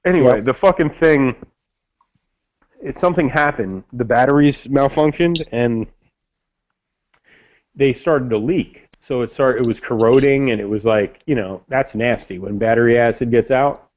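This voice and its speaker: A man chatting casually, rambling through stories in a laid-back, slangy way. His voice sits at a middle pitch. The audio is dull and lo-fi. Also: normal speed, a little mellow. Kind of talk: casual chat.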